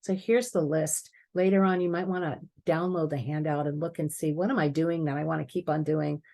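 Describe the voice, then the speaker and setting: Woman presenter, gravelly and husky, earnest and explanatory, prepared talk. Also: low-pitched, steady tone, fairly quick, mellow. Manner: earnest, explanatory, occasional throat clearing.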